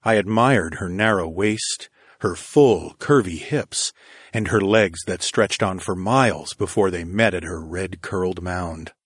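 A man reading a romance audiobook in a very deep, husky voice, slow and intimate. The recording is dry and close-miked, with no room sound at all. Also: no echo. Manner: slow, intimate, steady storytelling. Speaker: audiobook narrator. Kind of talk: first-person erotic audiobook narration.

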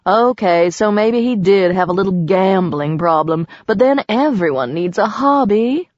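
A woman's voice: mid-range voice, animated, measured pace, darkish tone, dry recording, highs cut off, lightly acted. A woman reading aloud, voicing a bold, teasing young woman who works as a fortune teller. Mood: wisecracking. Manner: bold and wisecracking.

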